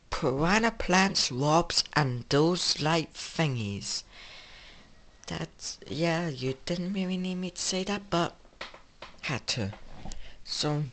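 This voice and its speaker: A man's voice: fairly high pitch, fairly bright tone. A male gaming channel host with an English accent, talking through games in casual, rambling commentary full of restarts. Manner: rambling, many restarts and fillers.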